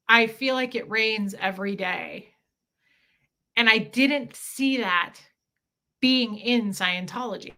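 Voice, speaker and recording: A woman's voice: a little high, pushed and bright. A woman hosting a casual livestream, telling stories in a chatty way and acting out the dialogue as she goes. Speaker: livestream host.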